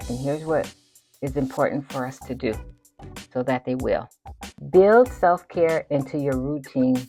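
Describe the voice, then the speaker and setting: Lower-voiced woman giving a motivational talk. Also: darkish tone. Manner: emphatic, preacherly, playful, repeats phrases for effect. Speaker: podcast host. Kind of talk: motivational solo podcast.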